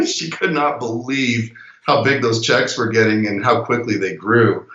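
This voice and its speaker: A middle-aged man as a guest in a casual interview, telling stories reflectively with soft laughs. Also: medium pitch, a little slow, echoey room, lo-fi sound.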